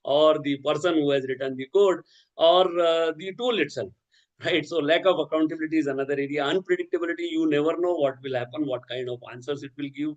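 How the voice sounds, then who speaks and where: A man's voice: fairly high pitch, fast talker, dull audio. A man giving an academic lecture, talking in a discursive way with many fillers, restarts and a habitual "okay".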